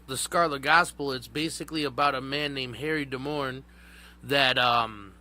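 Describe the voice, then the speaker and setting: A man's voice: medium pitch, sharp tone. A man hosting a live show, chatting casually and profanely about books, rambling with many fillers. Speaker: podcast host. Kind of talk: casual livestream talk.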